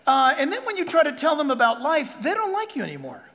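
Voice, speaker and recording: A man preaching a sermon as pastor to a congregation, animated and emphatic, with asides and quoted voices. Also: very high voice, fast talker. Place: church hall before a congregation. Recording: long reverb of a large hall. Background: audience laughter.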